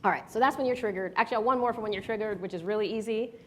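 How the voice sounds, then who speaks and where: A woman from Washington, D.C. leading a live workshop, telling a personal story and guiding the audience through breathing exercises in a lively, chatty way. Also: mid-range voice, racing. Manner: guides breathing exercises step by step. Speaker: workshop leader.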